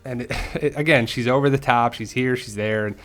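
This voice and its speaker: A man's voice: mid-range voice, a little fast, faint music behind. Chatty man recapping an episode. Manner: chatty, animated, acts out quotes. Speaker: TV show commentator. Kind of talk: casual recap and theory commentary.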